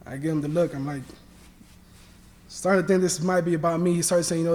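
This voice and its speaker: Earnest young man, high voice. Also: fairly even intonation, a little mellow, long reverb tail. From Miami, Florida. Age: young adult. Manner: earnest, halting, many restarts and fillers. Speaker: student athlete sharing testimony. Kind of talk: personal faith testimony.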